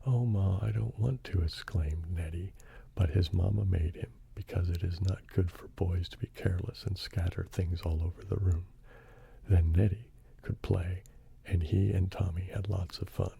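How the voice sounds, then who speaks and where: Hushed, gravelly man reading a bedtime story. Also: low voice, flat delivery, moderate pace. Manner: hushed, partly whispered narration. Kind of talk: soft-spoken ASMR bedtime reading.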